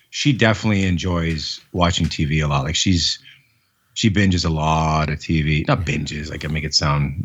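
A man's voice: deep voice, fairly bright tone, husky, dull audio. A man co-hosting a podcast, chatting casually and enthusiastically with plenty of fillers. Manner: rambling, enthusiastic, lots of fillers. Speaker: podcast co-host. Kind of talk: casual chat.

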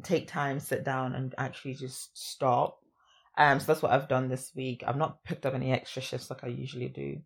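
Casual podcast co-host: a woman with a low voice, chatty and quick to laugh. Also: level tone, vocal fry, breathy edge. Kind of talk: casual chat.

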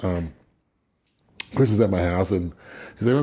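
A man with a somewhat low, husky voice tells anecdotes in a relaxed conversation. He laughs often and restarts his sentences as he goes. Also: fast talker. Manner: animated storyteller, laughs a lot, repeats words. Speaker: guest musician. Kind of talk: casual storytelling chat.

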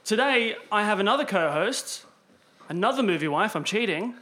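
A podcast host chats casually at a dinner table, laughing often and restarting his sentences with enthusiasm. His voice sits high and is bright, forceful and expressive, moving at a moderate pace.

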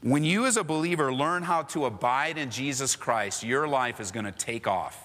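A man pastor preaching an animated, emphatic sermon, repeating phrases and slipping casual slang into his teaching. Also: medium pitch, normal speed, in a large hall. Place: church.

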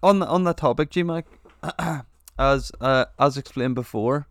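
A man's voice: medium pitch, dry recording. Joking man, dry sound. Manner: joking, teasing, quick with crude jokes. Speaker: podcast co-host. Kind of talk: casual podcast banter.

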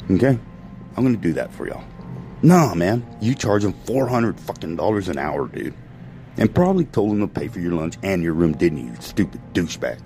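A man's voice: deep voice, sing-song, moderate pace, mellow, faint music behind, rough recording. A man ranting in a profane, rambling monologue to his followers, often stopping to correct himself. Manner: profane, ranting, self-interrupting. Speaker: vlogger.

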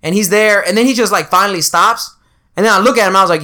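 Brief: male podcast host, quick and crude storyteller, bright forceful tone. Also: high voice. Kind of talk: casual storytelling chat.

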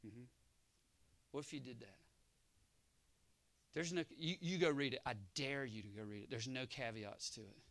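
A man preaching a sermon who moves from hushed storytelling to loud exhortation and keeps calling for an amen from his congregation. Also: medium pitch, moderate pace, pauses often. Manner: calls for congregation response.

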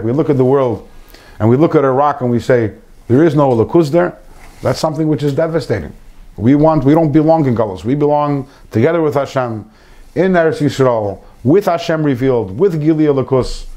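A man's voice: medium pitch, dark tone. A man giving an informal Torah lesson to a small group, earnest, repeating phrases and mixing in Hebrew terms. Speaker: Torah class teacher.

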